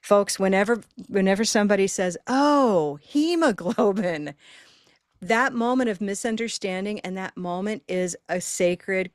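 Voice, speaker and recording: A woman's voice: mid-range voice, no room sound, clean studio sound. A woman hosting a live online pronunciation class, talking in an upbeat, encouraging and chatty way through a computer microphone.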